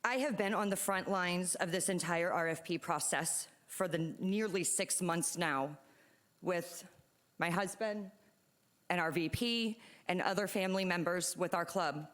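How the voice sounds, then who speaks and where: A woman's voice: on the low side, a little slow, fairly bright tone. A woman speaking as a mother at a city commission meeting's public comment, earnest and struggling to keep her emotions in check, at a podium microphone. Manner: earnest, holding back emotion. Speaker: parent and youth soccer club staff speaking at public comment.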